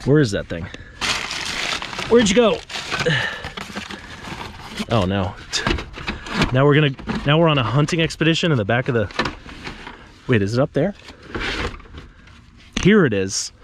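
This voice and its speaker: Out on a suburban street, a man who vlogs about trash picking talks to his viewers casually, tossing in jokes. He speaks at medium pitch with lively intonation and normal speed, pausing often, with background noise present.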